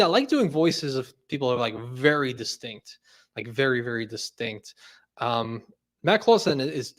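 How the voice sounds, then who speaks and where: A young man hosting a casual livestream, who rambles, laughs often and leans on "like" fillers. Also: mid-range voice. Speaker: host.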